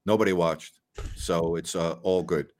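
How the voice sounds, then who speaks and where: A man's voice: sits low, steady tone, unhurried, darkish tone. Folksy man hosting a sports show. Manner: folksy, exclamatory, rambling. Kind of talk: casual chat.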